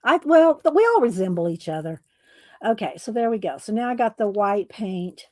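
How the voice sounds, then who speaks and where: A woman's voice: medium pitch, sing-song, moderate pace, a little mellow. A middle-aged woman hosting a casual art livestream from her home craft room, chatting to viewers as she works. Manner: chatty, talks to viewers while working.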